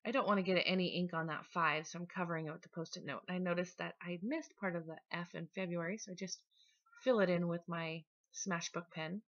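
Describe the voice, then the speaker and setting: Lady chatting thru her scrapbook process, relaxed, kinda low voice, dull audio. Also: brisk. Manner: chatty, relaxed, with small restarts. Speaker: scrapbooking vlogger. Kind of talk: casual process voice-over.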